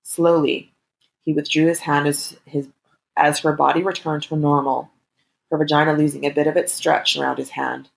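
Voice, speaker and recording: A woman reading an erotic story aloud in a calm, steady narration. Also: sits low, normal speed, vocal fry, rough recording.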